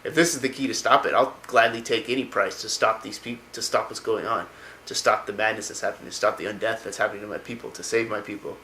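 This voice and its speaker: A man voicing a driven young male paladin prince who speaks urgently and insistently, a bit louder and higher than his own voice. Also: steady tone, fast talker, few pauses, roomy sound, slight background noise, low-quality recording.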